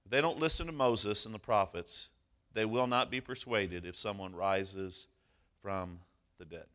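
A man's voice: on the low side, measured pace, fairly bright tone, voice pushed down. A man voicing the patriarch Abraham in a scripture reading, read plainly. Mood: stern. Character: Abraham, a stern old patriarch.

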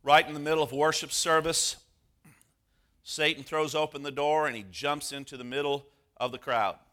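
A man preaching a sermon as pastor, earnest, slowing down for emphasis. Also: a little high, steady tone, pushed and bright.

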